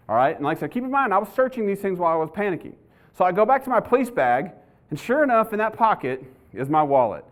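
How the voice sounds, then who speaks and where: A man's voice: high voice, big pitch swings, quick pace. A middle-aged police trainer, giving a live training talk to an audience and telling stories as he goes. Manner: conversational storyteller, acts out his own panic. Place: university lecture hall.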